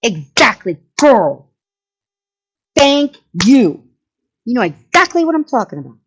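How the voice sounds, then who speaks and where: A woman voicing a sweet-talking adult woman in a put-on Southern US accent, high, loud and syrupy. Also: big pitch swings, unhurried, slight background noise. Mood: gushing.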